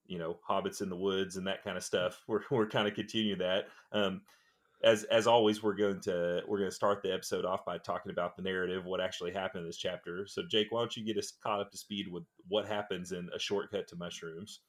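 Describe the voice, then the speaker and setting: A man hosting a podcast in a relaxed, casual way, talking into a close mic. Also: low voice, a little fast. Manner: relaxed, with fillers and restarts. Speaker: podcast host.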